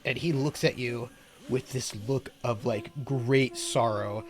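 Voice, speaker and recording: A man narrating as game master of a tabletop horror game, setting scenes slowly with fillers. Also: mid-range voice, steady tone.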